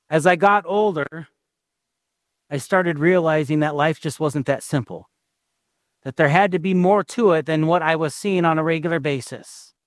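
A male pastor preaching a sermon, telling his own story and closing in prayer, slow and earnest with emphatic rises. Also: a little high, no echo, clean studio sound. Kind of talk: sermon with personal testimony and prayer.

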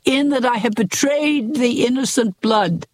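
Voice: mid-range voice, measured pace, voice pushed up, natural voice. A reader voicing an anguished male biblical traitor in a scripted book narration.

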